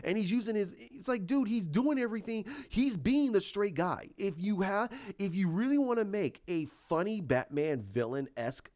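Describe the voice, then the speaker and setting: Male vlogger, fairly high voice, opinionated rant, dull lo-fi sound. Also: animated, moderate pace, few pauses, darkish tone. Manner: opinionated, ranting. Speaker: YouTuber. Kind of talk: casual opinion vlog. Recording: dull lo-fi recording.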